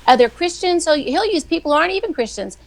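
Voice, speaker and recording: A middle-aged woman, a weekly guest who writes devotionals, telling faith stories in a chatty, animated way. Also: very high voice, fast, vocal fry. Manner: chatty, animated, acts out quoted voices. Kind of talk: casual faith storytelling on a live show.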